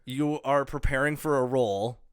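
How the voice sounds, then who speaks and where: A man's voice: mid-range voice, moderate pace, smooth, dry recording, clean studio sound. A man who works as an actor and comedian co-hosting a podcast, teasing his co-host in playful, casual chat.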